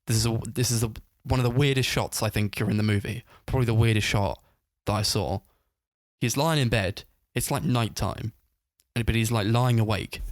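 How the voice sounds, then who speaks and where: A man co-hosts a casual film review podcast, rambling through scene retellings full of fillers and laughing as he talks. His voice is medium-pitched, and the recording is dry with clean studio sound.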